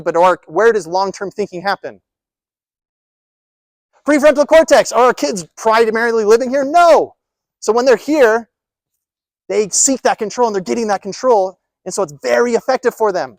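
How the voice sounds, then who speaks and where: In a presentation room, a high-voiced man addresses caregivers at a somewhat fast pace. He hammers home his main points through repetition and keeps posing rhetorical questions. There's hardly any room echo, so the sound comes across dry.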